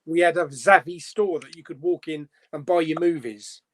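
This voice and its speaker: A man's voice: fairly high pitch, normal speed, a bit bright. A man hosting a casual live-stream chat, bantering and swearing casually. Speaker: host.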